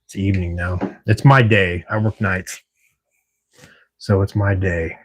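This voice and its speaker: A man's voice: low voice, fairly even intonation, unhurried, breathy edge. A middle-aged man from Washington State chatting casually with viewers on a livestream while at work at night, laughing easily and swearing now and then. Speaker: livestream host. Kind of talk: casual live-stream chat with viewers.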